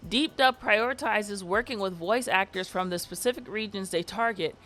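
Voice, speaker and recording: A woman's voice: mid-range voice, moderate pace, fairly bright tone. A young adult woman, a commentary YouTuber, reading news excerpts aloud and breaking off into wry, sarcastic asides.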